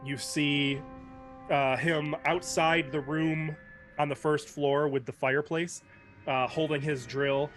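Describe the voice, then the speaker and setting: A man as game master, narrating a dark tabletop scene in measured, descriptive storytelling. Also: a little high, steady tone, faint music behind.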